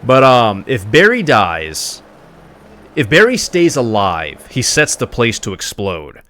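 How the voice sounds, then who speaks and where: A man streaming a game live, giving animated, mocking commentary with laughs. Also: mid-range voice, takes it slowly.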